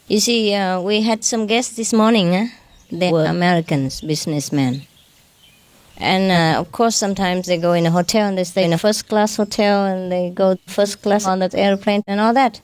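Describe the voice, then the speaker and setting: A woman's voice: medium pitch, moderate pace, clean tone, no room sound. Chatty woman spiritual teacher, dry sound. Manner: chatty, ends phrases with questioning "huh?"; self-mocking, joking about her broken English. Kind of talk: informal lecture to followers.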